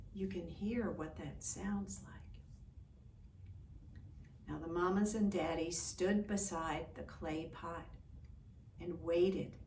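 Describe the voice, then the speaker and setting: A woman telling a folk tale for children, slow and expressive, inviting listeners to join in. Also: medium pitch. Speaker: storyteller. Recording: echoey room, distant mic, faint hiss.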